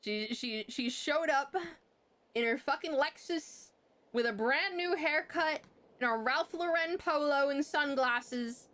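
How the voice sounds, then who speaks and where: A young woman streamer telling a story in casual chat, swearing freely and jumping sharply in pitch. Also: slow, a bit bright.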